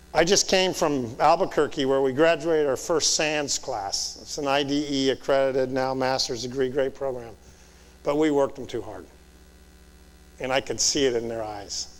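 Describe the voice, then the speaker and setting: A man in his fifties, a military commander, giving a direct motivational leadership talk to officer students, asking rhetorical questions and checking "Okay?". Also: mid-range voice. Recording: long reverb in a large hall.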